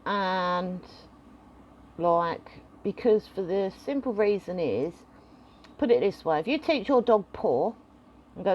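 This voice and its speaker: A woman's voice: mid-range voice, expressive, unhurried, dull audio, slight background noise. A woman giving casual, rambling advice about dogs as an owner, talking straight to camera. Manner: chatty, rambling, acts out voices.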